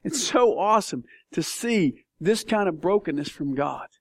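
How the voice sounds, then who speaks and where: Pastor, male, high voice, dry close sound, impassioned, emphatic sermon delivery. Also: expressive, normal speed, dry recording. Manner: passionate, emphatic preaching with big swings in intensity.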